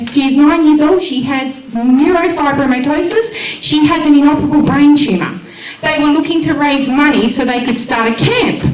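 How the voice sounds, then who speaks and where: An Australian woman speaking to a community event crowd, heartfelt and enthusiastic as she pitches her volunteer radio station. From Western Australia. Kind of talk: emotional public speech at a launch event. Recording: echoey room, voice far from the mic.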